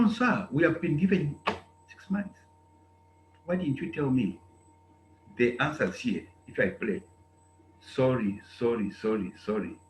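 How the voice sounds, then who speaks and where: A man's voice: mid-range voice, reverberant, a little hiss or hum, low-quality recording. Emphatic Zambian man lecturing students. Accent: Zambian English. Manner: emphatic, repetitive, scolding. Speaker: program director addressing students. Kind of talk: lecturing speech at an online meeting.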